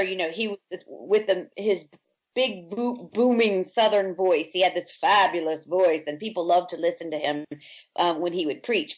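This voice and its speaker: A woman from Virginia speaks as a guest on an interview podcast. She tells long personal stories in a voice of middling pitch and slips into the voices of the people in them. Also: poor audio. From Virginia, USA. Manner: lively storyteller who acts out quoted speech. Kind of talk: storytelling in an interview.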